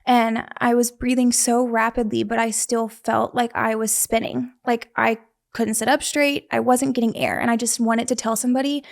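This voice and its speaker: A young woman tells her story in an easy, conversational way, earnest and vivid, often restarting her sentences. Her voice sits a little high and carries a gravelly fry. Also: flat delivery, normal speed. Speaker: guest sharing a survival story.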